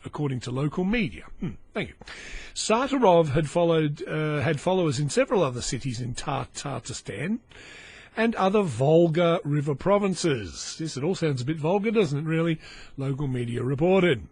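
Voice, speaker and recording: A man's voice: a little high, expressive, normal speed, darkish tone, breathy edge, dry recording. A middle-aged man hosting a podcast, reading news stories aloud and adding sardonic, rambling asides while stumbling over foreign names. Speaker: podcast host.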